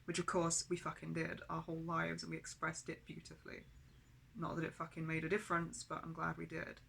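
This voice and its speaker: A woman's voice: low voice, completely flat delivery, brisk, gravelly, a bit bright, a little hiss or hum. A woman in an emotional personal vlog who talks angrily, swears heavily and speaks of herself as "we". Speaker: vlogger.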